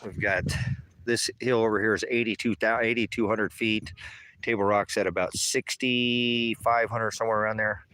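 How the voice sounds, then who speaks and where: A man casually giving a rambling walking tour of a high desert ranch outdoors, pausing often as he talks. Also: slight background noise, low-quality recording. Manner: rambling, relaxed, hesitant with many pauses. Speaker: channel host.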